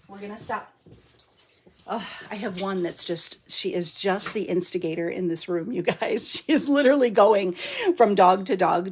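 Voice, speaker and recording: Woman host for a home craft live stream: chatty, laughs a lot, drifts off topic easily. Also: medium pitch. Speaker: stamping and card-making demonstrator. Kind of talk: casual live-stream chat.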